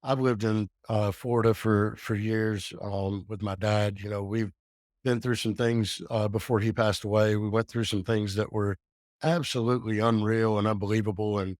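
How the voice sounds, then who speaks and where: A man's voice: lowish voice, flat delivery, normal speed, a little mellow, no echo, studio quality. A man in his forties speaking candidly as a podcast guest, earnest and open, with frequent fillers and restarts. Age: 40s. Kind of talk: casual podcast talk.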